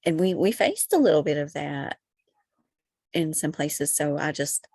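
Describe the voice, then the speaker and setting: Woman, Kentucky accent, low pitch, dry recording, casual chatty talk. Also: expressive, unhurried, vocal fry, darkish tone, no echo. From Kentucky, USA. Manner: chatty, many fillers like "you know". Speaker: podcast guest. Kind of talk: casual conversation.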